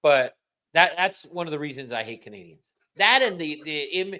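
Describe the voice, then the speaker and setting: Podcast guy ranting and cussing, bright tense voice a bit high. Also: lively intonation, moderate pace. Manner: ranting, profane, rambling with restarts. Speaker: podcast host. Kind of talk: casual podcast chat.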